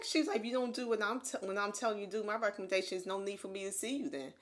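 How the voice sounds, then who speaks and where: A woman co-hosting a podcast, telling a personal story in casual chat, animated and laughing often as she acts out what others said. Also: mid-range voice, fast talker. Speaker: podcast co-host. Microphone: USB condenser mic.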